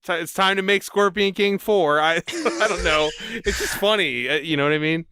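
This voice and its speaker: A man hosting a casual podcast interview, enthusiastic and quick to laugh. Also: high-pitched, bright, forceful tone, clean tone, no room sound. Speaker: podcast host.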